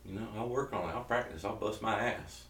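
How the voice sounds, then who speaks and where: A man in his thirties with a thick Southern drawl talks loosely and jokily, starting sentences over and drifting between thoughts. His voice sits on the low side. He sounds set back from the mic in a roomy, echoing space. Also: brisk, a bit bright, distant mic, a little hiss or hum. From South Georgia, US. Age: 30s. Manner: rambling, jokey, self-interrupting. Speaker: keto vlogger. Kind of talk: casual rambling vlog.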